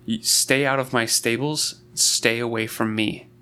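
A man reading as a gruff, bitter old stablemaster. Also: mid-range voice, steady tone, a little slow, pushed and bright.

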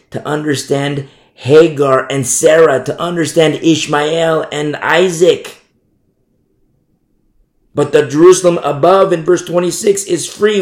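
An American man teaching through a Bible passage verse by verse, emphatic, asking rhetorical questions and drawing key words out slowly. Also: mid-range voice, darkish tone, roomy sound. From United States.

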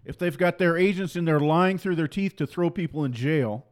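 A man's voice: a little high, moderate pace. Fiery, mocking preacher man. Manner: forceful, repetitive, mocking rhetorical questions. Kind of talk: fiery political sermon.

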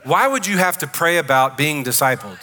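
A male pastor with a Southern US accent delivers a lively sermon, joking with his congregation. His voice is bright and forceful, a touch high for a man. The sound carries a long echo from a large church hall. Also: moderate pace. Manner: joking, animated preaching. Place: church sanctuary.

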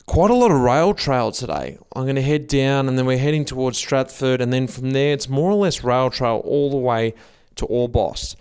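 Upbeat man, smooth voice. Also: medium pitch, normal speed, few pauses, darkish tone, no echo, studio quality. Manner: upbeat, chatty, interviewing riders. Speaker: podcast host. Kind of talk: casual chat while cycling. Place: outdoors on a bike route.

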